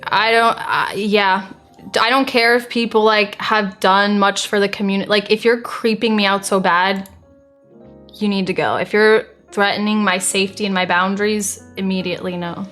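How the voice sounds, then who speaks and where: A woman's voice: mid-range voice, steady tone, fairly bright tone, soft background music. A young American woman streamer reading viewer messages aloud in a blunt, exasperated way. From United States. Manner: blunt and exasperated, quick to deny.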